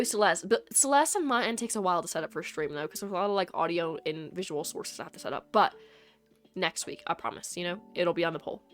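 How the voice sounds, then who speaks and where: A young woman chats and jokes her way through a live stream, teasing her viewers in a casual, rambling way. Her voice sits at a middle pitch, and soft music plays faintly behind her. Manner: chatty, joking, teasing.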